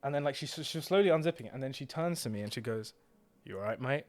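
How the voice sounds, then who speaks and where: A man's voice: a little high, lively intonation, rapid-fire. A young man casually telling a story on a couch, rambling with lots of fillers and restarts. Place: indoors on a couch.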